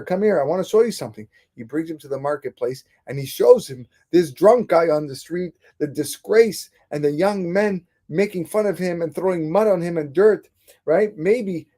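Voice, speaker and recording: Male rabbi, fairly high, mellow voice, animated storyteller, restarts often. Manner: animated retelling with many restarts. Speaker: rabbi teaching a class. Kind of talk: Torah class storytelling.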